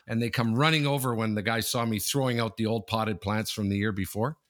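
A man co-hosting a casual sports podcast, talking in an animated, repetitive way, often tossing in "okay?" and swearing freely. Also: fairly low pitch, a little fast. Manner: animated and repetitive, keeps saying "okay?" and the host's nickname. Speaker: podcast co-host.

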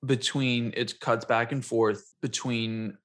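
A man's voice: medium pitch, little pitch movement, slow pace, a bit bright. A man in casual podcast chat about a movie, laughing often and mimicking scenes in silly voices.

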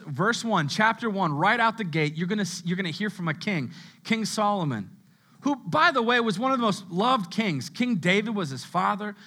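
A young adult male pastor preaches a sermon in a conversational style. He repeats words as he goes and drops to a low hush on key words.

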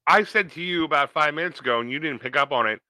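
A young man co-hosting a podcast, teasing his friend with playful, quick comebacks. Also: fairly high pitch, bright, forceful tone, no echo. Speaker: podcast co-host. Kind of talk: casual banter.

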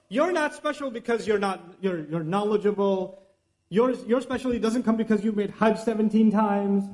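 A man's voice: high-pitched, moderate pace. A middle-aged man, giving a sermon and acting out the excuses people tell themselves. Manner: animated, acts out the inner voices and excuses of listeners. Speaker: Islamic teacher.

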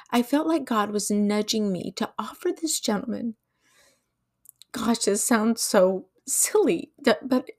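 Earnest lady doing a faith podcast, bit of fry in her voice, preachy questions to listeners. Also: mid-range voice. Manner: earnest and emotional, slow emphatic storytelling. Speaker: podcast host. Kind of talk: devotional podcast talk.

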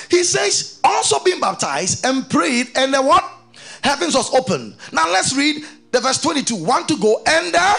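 A man preaches with a very high, husky voice that jumps around a lot in pitch. He quizzes his congregation again and again and reads scripture aloud between his points. Faint music plays behind him. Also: measured pace. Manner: animated, keeps questioning the congregation. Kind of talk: sermon to a congregation.

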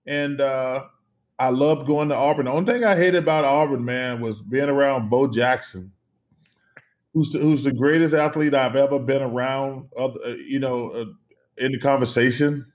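A middle-aged man from the United States, a guest in an interview, telling stories in an animated, emphatic way, repeating phrases and swearing casually. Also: mid-range voice, moderate pace. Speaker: interview guest, former basketball player.

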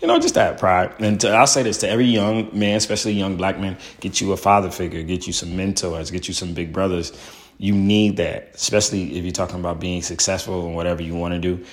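A man, a stand-up comedian, telling his own story in a loose, profane way full of fillers and "boom". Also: steady tone, fast talker. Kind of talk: casual storytelling.

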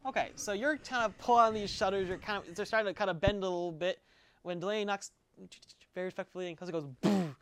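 A woman narrating as game master, quick and chatty, often laughing. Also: mid-range voice, smooth.

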